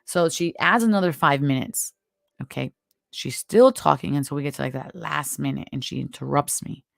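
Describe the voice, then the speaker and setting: Gravelly-voiced tarot reader with a worn-out throat. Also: medium pitch, moderate pace, no echo, clean studio sound. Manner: chatty, encouraging, spiritual advice. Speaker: tarot reader and show host. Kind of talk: live-streamed tarot reading talk.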